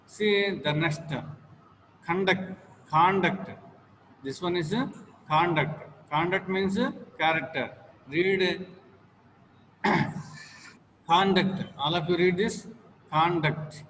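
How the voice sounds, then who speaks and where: Indian english guy teaching a class, real slow, lots of uh, echoey hall. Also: high voice, fairly bright tone, a little hiss or hum. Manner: slow and repetitive, with many "uh" fillers and drills. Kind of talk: classroom lecture on word stress. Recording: long hall reverb, faint ambience.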